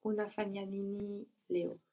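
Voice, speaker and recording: A woman learner answering a teacher's prompts carefully, often starting a word over. Her voice is gravelly with vocal fry, at a middling pitch. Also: level tone, normal speed, warm tone. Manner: careful, tentative, restarts words. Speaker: language learner.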